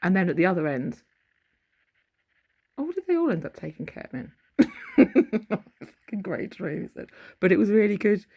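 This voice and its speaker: A woman's voice: medium pitch, very animated, fairly quick, creaky, long pauses, darkish tone. A middle-aged woman, casually rambling through a dream she had, often losing her thread and searching for words.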